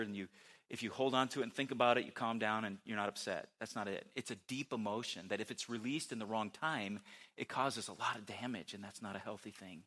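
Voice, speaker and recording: A pastor delivering a relaxed, conversational sermon in a bright, forward man's voice. He talks to the congregation like friends, stumbling over a line and cheerfully starting again. His pitch sits in the ordinary middle range for a man. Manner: chatty, self-correcting, laughs at himself.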